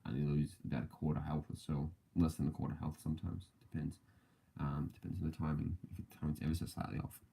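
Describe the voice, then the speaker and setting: Low, dark-voiced man rambling casually. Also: level tone, gravelly, slightly rough. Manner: rambling, halting, many fillers and self-corrections; laughs often between thoughts. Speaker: podcast host. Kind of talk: casual livestream chat.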